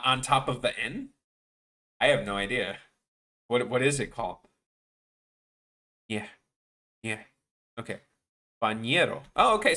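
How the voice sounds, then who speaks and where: A man casually chatting while he works on a live stream, rambling and restarting his sentences, and turning animated and incredulous when he tells a story. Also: medium pitch. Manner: rambling and offhand, trailing off and restarting.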